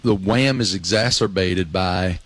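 Wry low-voiced man on a dry mic. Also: measured pace, no echo. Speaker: radio show co-host. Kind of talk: casual radio chat.

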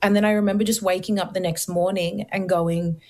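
A woman's voice: medium pitch, fairly quick. Earnest young woman telling her story. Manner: earnest storytelling, lively, many "like" fillers. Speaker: guest. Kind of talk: personal testimony in an interview.

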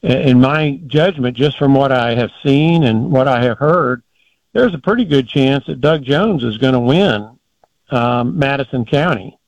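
An older man giving political commentary as a guest in a measured, folksy, deliberate way. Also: medium pitch, lively intonation, no room sound, muffled recording.

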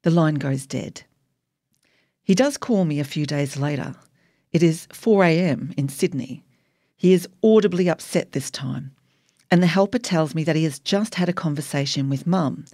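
A woman's voice: low voice, normal speed, mellow, no room sound, clean studio sound. A woman narrating her memoir in a wry, emotionally charged audiobook reading.

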